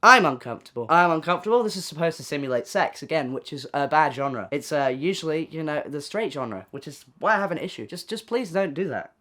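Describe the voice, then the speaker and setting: A man's voice: fairly high pitch, expressive, fairly quick, few pauses. A young man commenting on online clips in a sarcastic, exasperated way, full of rhetorical questions.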